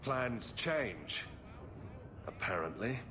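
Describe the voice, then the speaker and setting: An actor playing a dry-witted male hero in a fantasy game who talks in a calm, sarcastic way. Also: mid-range voice, drawn-out words, noisy background.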